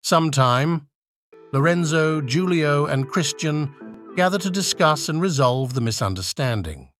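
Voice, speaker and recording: Narrator of a student radio play, measured reading, slightly high-pitched male voice. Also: animated, faint music behind.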